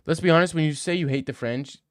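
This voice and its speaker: Young aussie guy on stream, swears a lot, smooth clear voice, dry close sound. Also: on the high side, fast, dry recording. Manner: brash, joking, swears a lot. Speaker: streamer answering chat. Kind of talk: casual live-stream chat.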